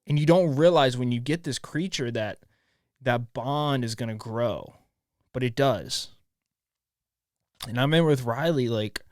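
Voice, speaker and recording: A young man in his twenties hosting a solo podcast, talking in a halting, emotional way with many restarts and swearing, choked up and near tears. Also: mid-range voice, dry recording, studio quality. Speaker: podcast host. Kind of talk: casual solo podcast monologue.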